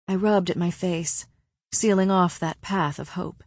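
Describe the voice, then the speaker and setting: A woman narrates a first-person audiobook with steady, even storytelling. Her voice sits on the low side. The recording is dry and close. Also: unhurried, breathy edge, no echo.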